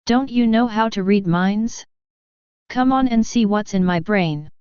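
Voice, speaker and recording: A woman reading the part of a grieving father who speaks coldly to his estranged daughter, in a smooth, clear voice. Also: mid-range voice, measured pace, darkish tone, no echo, natural voice. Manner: cold, clipped. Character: bitter grieving father, cold and ashamed. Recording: dull lo-fi sound.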